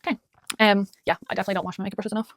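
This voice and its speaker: A woman's voice: medium pitch, flat delivery, rapid-fire, no room sound, clean studio sound. A woman chatting casually at home while doing her makeup, muttering little asides to herself as she works. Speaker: beauty vlogger. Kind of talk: chatty get-ready-with-me talk.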